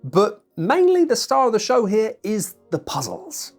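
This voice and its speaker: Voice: medium pitch, wildly swooping pitch, unhurried, soft background music. A board game reviewer talking to camera in a chatty, self-mocking way, acting out players' lines in mock voices.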